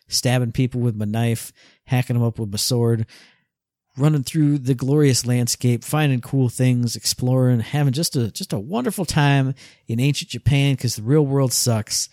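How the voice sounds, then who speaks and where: A man's voice: medium pitch, a little mellow, dry recording, clean studio sound. A man co-hosting a casual podcast, chatting in a wry, sarcastic way. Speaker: podcast co-host.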